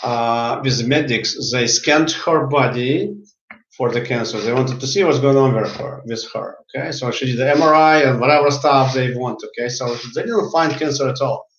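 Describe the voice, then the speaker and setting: A man's voice: medium pitch, normal speed, fairly bright tone, slight background noise. A man who works as a healer tells a story in casual speech, often repeating and restarting his words. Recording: roomy, dull lo-fi sound.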